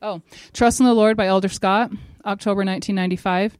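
A middle-aged woman gives a religious devotional talk in an even, middle-range voice. She tells her story with lively energy and speaks directly to her listeners. The sound is dry and close, with no room echo. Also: mid-range voice, fast talker, smooth.

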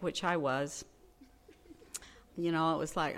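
An older woman telling a personal story in a brisk, wry, humorous way. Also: on the low side, a bit bright, slight background noise. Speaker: speaker sharing a personal story. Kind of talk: storytelling talk.

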